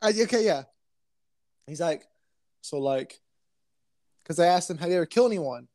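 A man's voice: on the high side, lively intonation, moderate pace, mellow, no echo. Young man, casual podcast chat, rambling and laughing, dry close sound. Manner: rambling storyteller, laughs often, swears casually. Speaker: podcast co-host.

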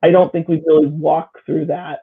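A woman's voice: low voice, little pitch movement, normal speed, breathy edge. A woman guest talking through community issues in a thoughtful, searching way, with plenty of fillers and restarts. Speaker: guest, local official and school staff. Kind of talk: casual conversation. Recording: phone-line quality.

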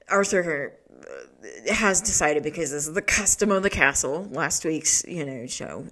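A woman's voice: lowish voice, a bit bright. A woman hosting a solo podcast in a rambling, profane way, laughing often and restarting her sentences. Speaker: podcast host. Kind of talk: casual solo podcast talk.

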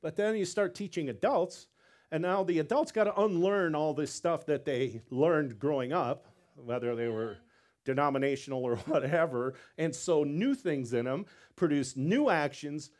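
A man preaching a sermon as pastor, animated, repeating words and acting out quotes. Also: a little high, normal speed.

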